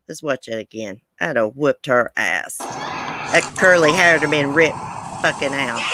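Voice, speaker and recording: A woman's voice: very deep voice, measured pace, background noise. A woman hosting a casual live chat with viewers, blunt and profane. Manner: blunt, angry and profane, then chatty. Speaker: livestream host.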